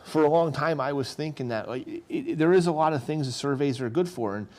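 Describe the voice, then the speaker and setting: A man, a farmer speaking as a guest on a local talk show, earnest and halting, often restarting his sentences. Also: fairly high pitch, darkish tone. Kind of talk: casual interview talk.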